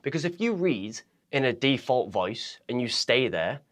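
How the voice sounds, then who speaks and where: An energetic man speaks right to the camera as he instructs viewers in public speaking. He swings his pitch, volume and pace on purpose, using each shift to illustrate a point.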